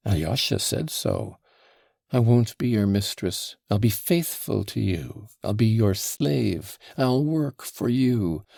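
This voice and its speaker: A man's voice: lowish voice, sing-song, slow pace, gravelly, darkish tone, dry recording, clean studio sound, full character voice. A man voicing an impulsive, emotional young woman who is tipsy and pleading, in an audiobook reading. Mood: urgent. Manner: pleading, breathless.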